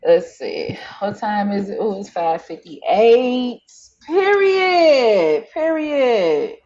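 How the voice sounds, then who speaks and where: A woman's voice: mid-range voice, animated, takes it slowly, dark tone. A woman hosting a casual podcast chat, dry and drawling. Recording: dull, lo-fi sound.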